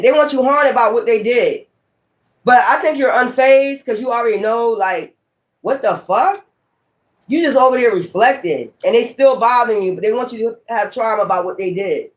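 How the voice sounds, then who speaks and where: A woman's voice: fairly high pitch, moderate pace. A woman giving a tarot reading in a blunt, profane, emphatic way. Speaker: tarot reader.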